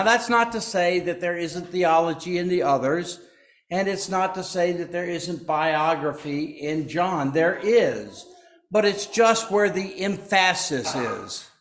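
Slow, folksy pastor in an echoey church. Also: male voice, sits high, animated, slight background noise. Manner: folksy, joking asides to the congregation. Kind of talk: sermon. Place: church sanctuary.

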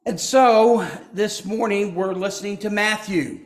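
A man preaching from the pulpit, slow and unhurried, with a fairly high voice for a man. His delivery is folksy, with joking asides to the congregation. The sound rings around a roomy church sanctuary. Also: steady tone. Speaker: pastor. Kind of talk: sermon. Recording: echoey church.

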